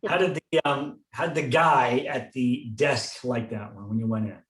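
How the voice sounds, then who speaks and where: A podcast co-host tells stories in casual conversation, dry and matter-of-fact. His medium-pitched voice has a fairly bright tone and a normal speed. The sound is roomy, with him distant from the mic.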